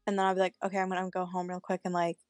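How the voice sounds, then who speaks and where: A woman's voice: lowish voice, monotone, very fast, darkish tone, dry recording, soft background music. A young woman telling a candid story in casual chat, swearing freely.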